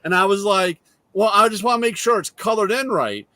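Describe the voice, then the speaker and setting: A man in casual conversation, spinning a wry, deadpan anecdote and putting on the other people's lines as he goes. His voice sits a little high, and it is recorded close and dry with no room sound. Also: fairly quick, dry recording. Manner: wry, deadpan storyteller acting out dialogue. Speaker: host. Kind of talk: casual storytelling chat.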